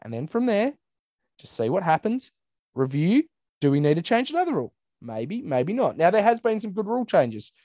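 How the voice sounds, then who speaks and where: Casting note: Australian bloke, blunt sweary ranter, dry close-mic sound. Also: male voice, sits high, very animated, normal speed, mellow, no room sound. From Western Australia. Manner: ranting, blunt and sweary, mimics people in raised voices. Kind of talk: casual chat.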